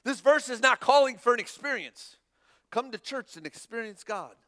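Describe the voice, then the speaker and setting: A young male pastor preaching a sermon, animated, acting out the Bible dialogue in shifting voices. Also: very high voice, moderate pace.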